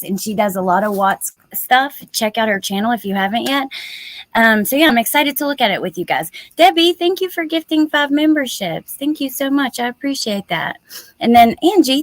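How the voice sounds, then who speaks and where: A woman hosting a casual livestream with a slightly high voice, chatty and upbeat as she greets viewers by name. The sound is dry and close, with no room echo. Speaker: true-crime YouTube livestream host.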